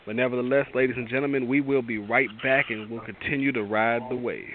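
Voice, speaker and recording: A man's voice: mid-range voice, steady tone, brisk, over music. A man hosting a gospel radio show, encouraging his guest and addressing listeners in a preacherly way. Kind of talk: casual gospel radio talk. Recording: lo-fi phone-like sound.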